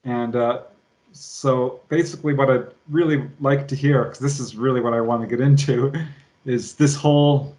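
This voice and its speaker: A man's voice: medium pitch, steady tone, normal speed, a little mellow, low-quality recording. A man hosting an interview, summing up the guest's story and steering it with questions. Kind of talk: conversational interview.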